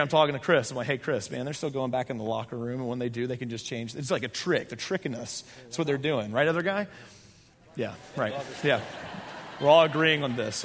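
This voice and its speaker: A young man telling a lively story to a live audience, talking with the crowd and sometimes shouting. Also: high-pitched. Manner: animated, talks with the crowd, shouts at times. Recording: echoey large hall.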